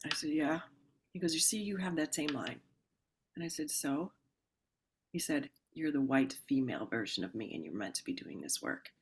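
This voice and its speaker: Animated woman telling a vivid story. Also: sits low, normal speed, vocal fry, background noise. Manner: animated, acts out quoted voices with sudden loud exclamations; calm explaining voice when describing the ritual. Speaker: podcast guest, healer. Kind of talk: casual storytelling interview.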